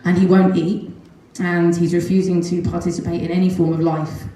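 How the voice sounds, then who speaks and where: Middle-aged mum, earnest testimonial talk, lowish mellow voice, very echoey room. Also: female voice, moderate pace. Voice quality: earnest, animated, with frequent ums and nervous laughs. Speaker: mother giving a testimonial. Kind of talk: emotional personal storytelling talk.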